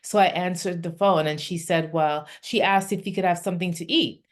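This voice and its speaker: A woman's voice: fairly low pitch, fairly even intonation, brisk. An older woman, a parenting coach hosting a podcast, recounting work experiences in an affirming, conversational way.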